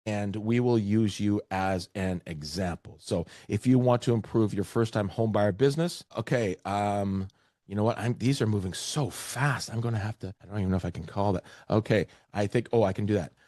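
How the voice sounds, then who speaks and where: Energetic Canadian man presenting a webinar. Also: fairly low pitch, no room sound, clean studio sound. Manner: energetic, emphatic, repeats words.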